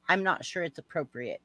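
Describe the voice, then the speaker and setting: A woman's voice: fairly low pitch, slightly rough, no room sound. A woman telling a personal story on a casual livestream, acting out the voices and shrieking and laughing at the big moments. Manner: animated, acts out voices, shrieks and laughs while telling stories.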